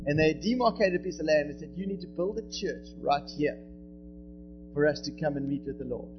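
A man's voice: fairly high pitch, expressive, a little fast. A male pastor commenting in a preachy, sermon-like way, often repeating words as he builds. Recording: dull sound with music behind.

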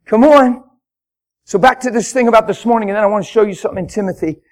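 A man preaching a spontaneous sermon in a church, fervent and emphatic, repeating his phrases and swinging up into loud shouts. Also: high voice, fast talker. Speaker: traveling preacher. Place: church hall with congregation.

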